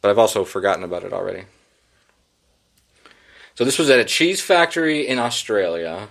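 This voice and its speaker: A man's voice: fairly low pitch, expressive, fairly quick, gravelly, fairly bright tone. A man hosting a solo podcast, reading headlines and riffing on them in a sarcastic, profane, rambling way. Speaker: podcast host.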